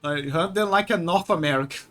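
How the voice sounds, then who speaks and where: A young man streaming a game, excitable and cursing when frustrated. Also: on the high side, fairly quick, faint music behind. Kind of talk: gameplay commentary.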